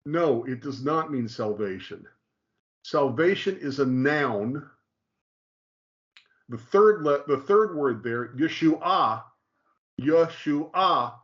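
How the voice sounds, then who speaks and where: A man's voice: mid-range voice, highs cut off. A man teaching in a conversational way, emphatic and repetitive, often checking in with "okay?". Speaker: teacher explaining Hebrew.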